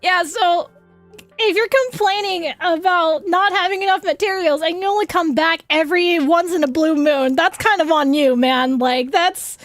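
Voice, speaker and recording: High-voiced giggly woman streamer. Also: normal speed, no echo, faint music behind. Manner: rambling, giggly, frank, swears freely. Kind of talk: casual stream chat.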